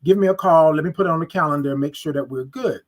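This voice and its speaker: Woman host, casual storyteller; animated, acts out the back-and-forth, repeats lines for emphasis, speaks right to her audience. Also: sits low, fast. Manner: animated, acts out both sides of conversations; talks straight to listeners, repeats phrases for emphasis. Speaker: podcast host.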